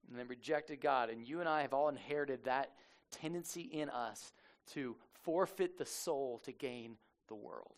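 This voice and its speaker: A man preaching a casual sermon as a lively storyteller, slangy and animated, acting out the people he quotes. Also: medium pitch, moderate pace.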